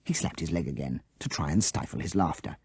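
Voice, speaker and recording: Guy narrating a kids audiobook, breathy voice, dry close sound. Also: rumbling low, brisk, dry recording. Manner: expressive, animated storytelling. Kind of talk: storybook reading.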